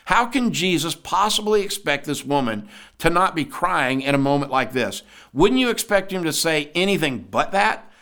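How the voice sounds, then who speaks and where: Male podcast preacher, earnest and emphatic, slightly higher voice, devotional sermon read. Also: lively intonation, moderate pace, bright, forceful tone. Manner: earnest, asks listeners rhetorical questions.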